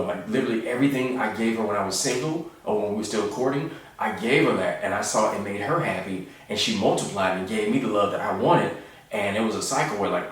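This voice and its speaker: A man in his thirties, a comedian telling stories in a relaxed, joking way and acting out the voices of the people in them. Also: lowish voice, very echoey, far from the mic. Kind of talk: casual storytelling monologue.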